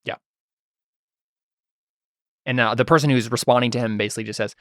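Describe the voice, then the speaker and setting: A man's voice: medium pitch, steady tone, fairly quick, pauses often, fairly bright tone, dry recording, studio quality. A man narrating as game master of a tabletop role-playing game, talking loosely with many fillers and restarts.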